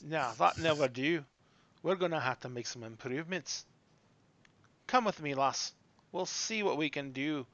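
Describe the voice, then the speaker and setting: A man voicing a gruff, blunt female dwarf smith in a tabletop game. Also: a little high, moderate pace, pauses often, fairly bright tone, no room sound, lo-fi sound. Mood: brusque. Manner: brusque, dismissive.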